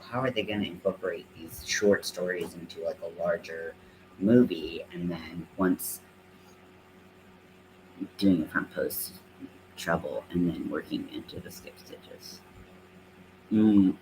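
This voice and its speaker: A man's voice: deep voice, a little hiss or hum, rough recording. A man with a Southern American accent, chatting casually and rambling with lots of fillers while he crochets on a live stream. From Southern United States. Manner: rambling, filler-heavy, self-deprecating.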